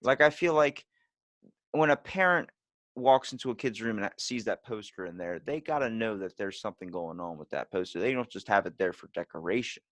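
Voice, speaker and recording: A man in casual chat, telling stories and acting out the lines of others with sudden loud jumps. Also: fairly low pitch, brisk, dry recording. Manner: animated storyteller, acts out quotes loudly.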